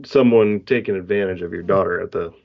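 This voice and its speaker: A man's voice: deep voice, a little fast, gravelly, slight background noise. A man co-hosting a podcast, telling a story in a laid-back casual chat and laughing often. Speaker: podcast co-host. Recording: dull lo-fi sound.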